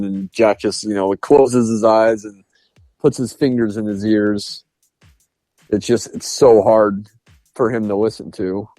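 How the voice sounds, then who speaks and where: A man co-hosts a podcast, casually reviewing a movie and acting out its lines while laughing. His voice is low-leaning and dark in tone, recorded with no echo.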